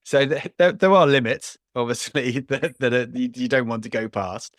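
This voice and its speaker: A man's voice: medium pitch, moderate pace, dry recording, studio quality. A man co-hosting a podcast, talking casually and at length about a film, with frequent restarts and small laughs. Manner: rambling, restarts often, chuckles. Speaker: podcast co-host.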